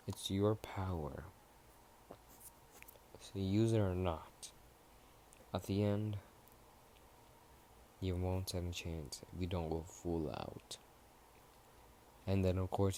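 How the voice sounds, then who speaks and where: A man's voice: deep voice, dark tone, slight background noise. A man casually narrating his own fan story, rambling and offhand with frequent fillers.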